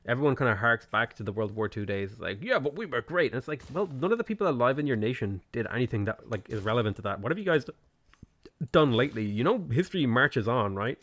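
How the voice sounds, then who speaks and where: A man's voice: lowish voice, fairly bright tone. A man streaming a strategy game, chatting casually and answering viewers' questions. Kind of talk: casual gameplay commentary.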